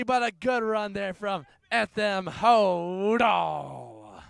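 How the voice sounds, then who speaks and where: Young male rugby caller, high smooth voice, jokey, builds excitement on big plays, dry close sound. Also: takes it slowly, few pauses, no room sound. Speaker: student play-by-play commentator. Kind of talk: amateur sports commentary.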